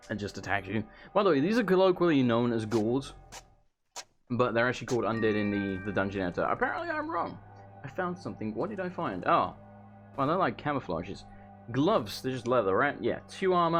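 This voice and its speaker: This is a man's relaxed let's-play commentary, chatty and meandering. His pitch jumps around a lot as he reacts to the game, and he swears casually. Soft game music plays quietly behind his voice. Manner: rambling and chatty, swearing, eating while talking.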